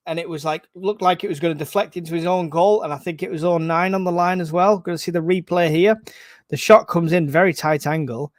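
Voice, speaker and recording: A man giving excitable, casual live fan commentary on a football match, groaning and swearing at the play. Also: high voice, no room sound, studio quality.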